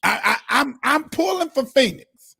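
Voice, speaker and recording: A man with a high, gravelly, husky voice hosts a casual sports talk show. He talks in an excitable, preacher-like way full of fillers and restarts, recorded close and dry. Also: measured pace, no room sound. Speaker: host.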